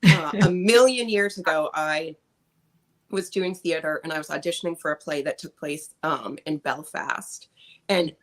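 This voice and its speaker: A woman co-hosting a podcast, telling stories in a lively, casual way. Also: low-pitched, moderate pace, poor audio. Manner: lively storytelling with laughs. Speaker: podcast co-host.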